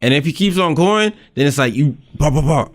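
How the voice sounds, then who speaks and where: A man's voice: on the high side, lively intonation, a little fast. A man co-hosting a podcast in casual chat, heated and emphatic, repeating his points. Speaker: podcast co-host.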